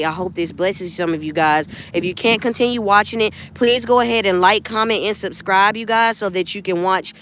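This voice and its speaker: A woman's voice: mid-range voice, fairly quick, hardly any pauses, fairly bright tone, a little hiss or hum. A woman hosting a casual livestream, rambling and heartfelt as she talks about faith and keeps addressing her viewers. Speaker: lifestyle vlogger hosting a livestream.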